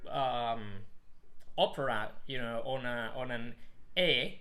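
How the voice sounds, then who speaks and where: A man's voice: mid-range voice, slow pace. A middle-aged man teaching singing, explaining technique with many restarts. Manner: explains with sung examples, many restarts and fillers. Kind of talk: voice lesson with sung demonstrations.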